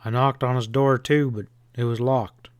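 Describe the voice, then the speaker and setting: Guy reading calm western sheriff, quiet measured voice, dry close mic. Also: mid-range voice, clean tone, no room sound, close to an everyday voice. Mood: steady. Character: calm, steady frontier sheriff.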